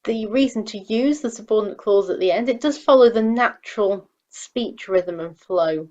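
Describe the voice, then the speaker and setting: A woman's voice: medium pitch, darkish tone, lo-fi sound. A woman teacher explaining sentence structure in a recorded grammar lesson, patiently reading example sentences aloud. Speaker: English teacher.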